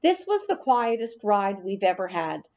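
A woman's voice: medium pitch, very animated, a little slow, a little mellow. A woman voicing a firm, commanding school bus driver woman. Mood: stern.

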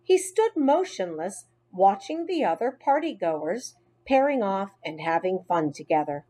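Unhurried, expressive woman reading a story. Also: medium pitch. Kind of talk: children's book read aloud.

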